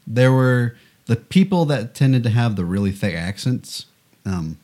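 A man's voice: medium pitch, expressive, a little slow, mellow. A man from the United States, an English teacher, answering interview questions in an easygoing way with short, agreeing replies. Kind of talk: casual interview chat.

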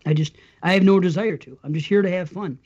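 A man's voice: high voice, fast, a little mellow, breathy edge. A man hosting a casual podcast chat, easygoing and rambling, laughing often as he tells his stories. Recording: slightly muffled audio.

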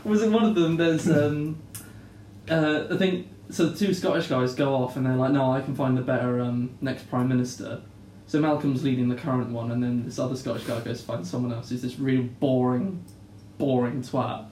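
A man hosting a casual podcast chat, telling animated stories with plenty of swearing and laughter. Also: mid-range voice, normal speed. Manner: animated storyteller, swears freely, laughs often. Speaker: podcast host. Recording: roomy, distant mic, faint hiss.

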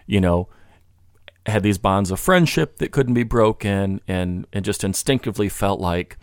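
Low-voiced rambling man on a podcast. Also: moderate pace, dry recording, studio quality. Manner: rambling, many restarts and "you know" fillers. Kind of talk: casual podcast conversation.

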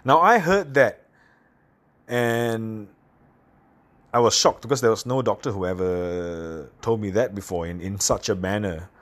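A man's voice: lowish voice, fairly bright tone. Candid man telling stories. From Singapore. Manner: candid, halting, self-deprecating storytelling. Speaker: podcast host. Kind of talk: casual personal monologue.

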